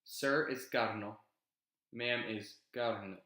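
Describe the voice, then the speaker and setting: Slow-talking young man explaining casually. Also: medium pitch, reverberant. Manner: relaxed, rambling, many ums and self-corrections. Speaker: creator teaching an invented language.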